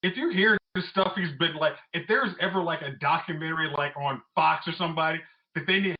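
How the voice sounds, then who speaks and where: A man's voice: a little high, brisk. Man on a slightly muffled podcast mic. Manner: animated storyteller, mimics people mid-rant. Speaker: podcast co-host. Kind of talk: casual chat.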